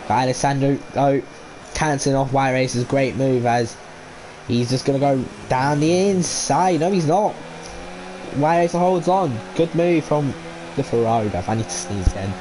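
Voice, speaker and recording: A man commentating a live esports race with a cold and a blocked nose, getting excitable in close battles and turning to dry sarcasm. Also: mid-range voice, moderate pace. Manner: excitable, rising sharply in tense moments, dry sarcasm. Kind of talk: live sim racing commentary. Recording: home setup with clear background noise.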